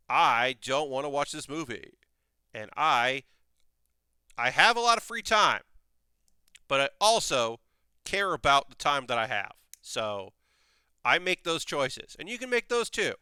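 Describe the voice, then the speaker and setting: A young man rambling casually while building a model kit on a live stream, with animated asides. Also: mid-range voice, clear, resonant tone, dry recording.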